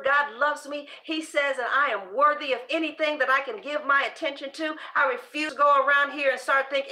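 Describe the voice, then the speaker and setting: A woman's voice: high voice, fairly even intonation, a little fast, hardly any pauses, bright, forceful tone. A woman hosting a casual motivational monologue on self-esteem, sassy and preachy, swearing freely and acting out pep talks to herself. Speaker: tarot channel host giving self-esteem talk.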